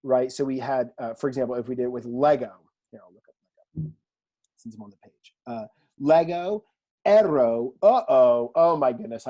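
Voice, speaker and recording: Mellow-voiced man teaching a lesson. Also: mid-range voice, lo-fi sound. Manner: relaxed, chatty, with many fillers and asides. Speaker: Greek teacher. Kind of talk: recorded online language lesson. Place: home room with a record player.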